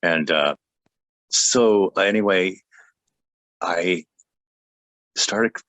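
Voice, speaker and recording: A man who is a pastor, telling a personal testimony in conversation, joking and laughing often, with halting starts and restarts. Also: low voice, fairly bright tone, dry recording.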